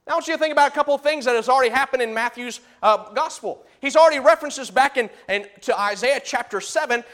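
A man delivering a sermon in a high-pitched voice. He pushes the scripture readings out loud and emphatic, then sinks into low, hushed explanation. It is a steady teaching preacher's delivery. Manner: emphatic, swings from loud high bursts to low quiet asides.

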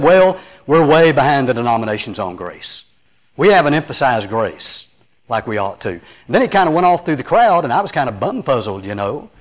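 A man's voice: a little high, breathy edge. A man, a preacher giving an earnest, emphatic Bible lesson and telling stories to a class.

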